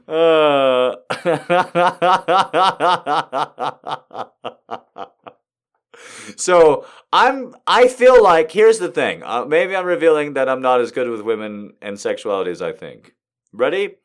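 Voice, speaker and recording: A man reading a story aloud in a hushed voice and breaking off for rambling, laughing comic commentary. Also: fairly high pitch, expressive, extremely slow, pauses often. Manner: rambling, laughs a lot, mock-exasperated. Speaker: reader and commentator.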